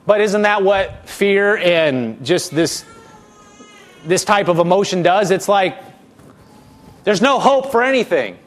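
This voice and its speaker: High-voiced preacher working through scripture. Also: male voice, animated, slow, long pauses. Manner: reads verses and acts out the people's complaints in a whiny voice. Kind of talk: expository sermon reading scripture.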